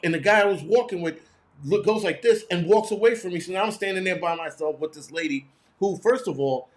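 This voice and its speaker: A man hosting his own show, telling a story in a blunt, profane, animated way. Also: a little high, brisk. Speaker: host. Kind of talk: casual storytelling monologue.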